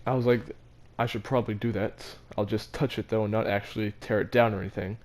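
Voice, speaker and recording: A man's voice: fairly low pitch, flat delivery, fast talker, a little mellow. A teenage boy telling a story about his school in a casual, rambling, self-mocking way, with many fillers and restarts. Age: teens. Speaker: vlogger.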